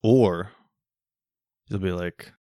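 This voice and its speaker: A man's voice: low-pitched, drawn-out words, warm tone, no room sound, studio quality. A young man hosting a solo podcast, rambling casually with jokey, self-mocking, crude humor. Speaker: podcast host.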